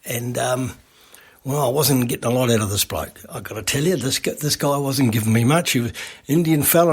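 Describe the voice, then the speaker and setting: A man's voice: medium pitch, a little fast, a little mellow, husky. A man with an Australian accent telling a rambling, casual anecdote about making a radio ad. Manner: rambling, with many restarts and asides. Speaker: radio advertising creator.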